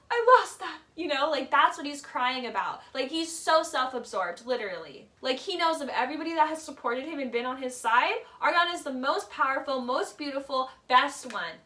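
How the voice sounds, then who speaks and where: A woman with a high, bright voice gives chatty, opinionated commentary, peppering every sentence with "like" and "literally." She drops into mock voices to act out what others said. Her voice sits a little away from the mic. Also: animated, normal speed, hardly any pauses, far from the mic. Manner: acts out quoted lines in mock voices. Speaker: reality TV commentator. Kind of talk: casual video essay commentary.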